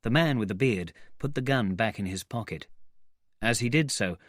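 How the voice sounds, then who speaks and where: A man reading a novel aloud in clear, measured narration for English learners. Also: fairly low pitch, animated, dry recording, studio quality. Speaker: audiobook narrator.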